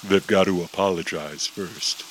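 A stubborn, proud young superhero, played by a man. He talks back defiantly in a slightly lowered voice. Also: fairly even intonation, measured pace, a little hiss or hum, low-quality recording. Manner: defiant, indignant.

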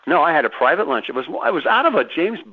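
A man's voice: on the high side, sing-song, fast, slight background noise. A man guest on a radio interview, telling stories animatedly and emphatically, often repeating his words. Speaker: guest author. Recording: phone-like radio line.

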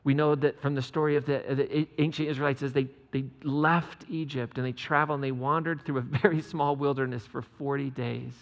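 A man's voice: mid-range voice, fairly even intonation, fairly quick, hardly any pauses, long reverb tail. A man preaching a conversational sermon, joking with the congregation in chatty asides. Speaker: pastor.

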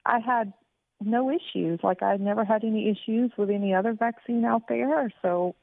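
A woman in her forties, a healthcare worker guest, speaking in an earnest, halting way on a phone line. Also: on the high side, gravelly, no room sound. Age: 40s. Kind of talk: interview.

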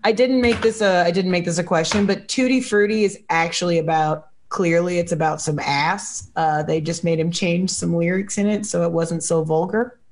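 Casting: Midwestern woman, lowish voice, playful host reading out trivia questions. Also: steady tone, moderate pace, hardly any pauses, a little mellow. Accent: Midwestern American. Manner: playful, loose, swears freely. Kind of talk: casual chat.

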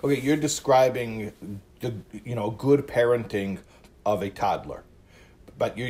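Guy hosting an interview, mid-pitched voice, thoughtful and probing. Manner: thoughtful, probing, rephrases ideas. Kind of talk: interview questions.

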